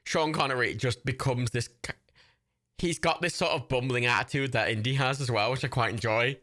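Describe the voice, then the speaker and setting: A man's voice: mid-range voice, a little fast, sharp tone. A man hosting a livestream watch party, giving casual, chatty commentary over a film, swearing freely and breaking into laughter. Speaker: livestream host.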